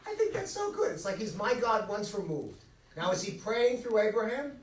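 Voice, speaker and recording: A high-pitched man delivers a joking, chatty sermon as a rabbi, throwing quick asides to his congregation. He sounds set back from the microphone, his voice ringing through a reverberant sanctuary. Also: huge pitch swings, slight background noise. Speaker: rabbi leading Friday night services. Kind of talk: humorous conversational sermon. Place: synagogue sanctuary. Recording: echoey hall, mic at a distance.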